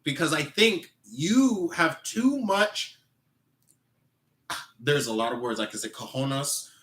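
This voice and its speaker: Guest voice: a man, bright and forceful, animated and indignant, recorded in an echoey room. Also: on the high side, slow. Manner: animated, reads text messages aloud, indignant asides. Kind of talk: casual podcast talk.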